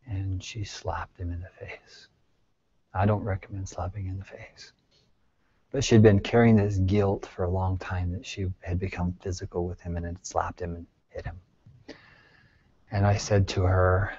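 Low-voiced earnest male therapist, lo-fi. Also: breathy edge. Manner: earnest, swings between soft near-whispers and emphatic bursts; pleading, reassuring, asks the group frequent questions. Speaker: therapist leading a support group. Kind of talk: group therapy talk. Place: group session room. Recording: dull lo-fi recording.

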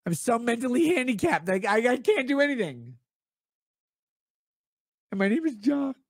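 A man putting on a high, whiny voice to mock a desperate adult man begging for attention. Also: very animated, normal speed, vocal fry, no room sound, studio quality, exaggerated voice. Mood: begging, whining. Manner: mocking, pleading, falsetto-high. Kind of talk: mocking impression in a livestream rant.

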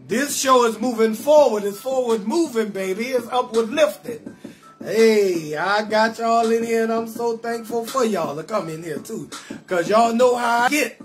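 A man riffs loudly and playfully, greeting viewers in a rambling, sing-song patter. He hosts a casual live stream from his bed at home, with faint music playing behind him. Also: very high voice, moderate pace. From New Orleans. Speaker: comedian hosting a live call-in show.

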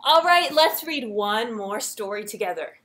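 Woman, young, children's storytime librarian: high, unhurried, gentle and sing-song. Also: animated, noisy background. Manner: gentle, sing-song, inviting kids to join in. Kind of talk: reading a picture book aloud to young children.

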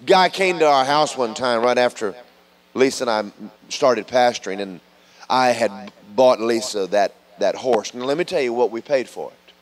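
A man preaching a sermon in a church, telling stories in a lively way that moves between loud calls and quiet asides. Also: medium pitch, moderate pace. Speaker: pastor. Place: church sanctuary.

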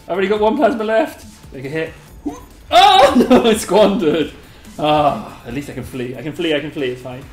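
A host giving live gameplay commentary, excitable and giggly, squealing a high catchphrase, then muttering quietly to themself. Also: moderate pace. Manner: mutters quietly to self between bursts. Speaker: gaming video host. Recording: roomy echo, faint game music behind.

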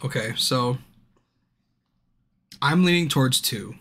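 A drunk man streaming a game, chatting casually, swearing constantly and bursting into yells at the screen. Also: mid-range voice, expressive, slow. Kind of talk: casual livestream commentary. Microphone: streaming mic.

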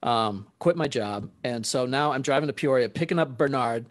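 A male saxophonist tells stories in a relaxed, animated way, laughing often as he acts out quoted lines. His voice sits at an ordinary middle pitch. The recording is dry, with no room echo. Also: normal speed. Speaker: guest musician, saxophonist. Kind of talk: casual storytelling.

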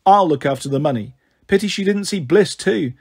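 A man's voice: on the high side, animated, brisk, a little mellow, husky. A man voicing a responsible older girl looking after younger children, anxious and caring.

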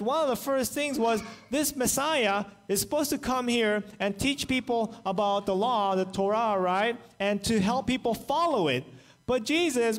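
Male pastor, high-pitched, lively storyteller voicing quotes in his sermon. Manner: animated storytelling, acts out quoted voices. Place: church, online service.

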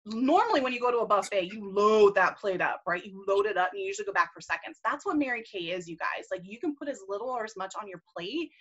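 A woman's voice: mid-range voice, lively intonation, quick pace, few pauses, fairly bright tone, slightly rough, muffled recording. A woman leading a team video call, enthusiastic, casual and gushing as she encourages her group. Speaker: team leader and mentor.

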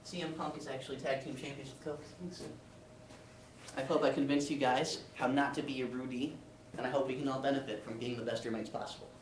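A man's voice: medium pitch, little pitch movement, quick pace, slight background noise. A young man giving a classroom speech, telling a humorous personal anecdote. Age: young adult. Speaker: student speaker. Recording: roomy sound from a distant camera.

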